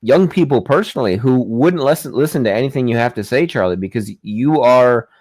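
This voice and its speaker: A man's voice: mid-range voice, lively intonation, brisk, darkish tone, no echo, clean studio sound. A man hosting a casual interview, speaking hesitantly and searching for words. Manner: hesitant, many fillers and restarts. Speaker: podcast host.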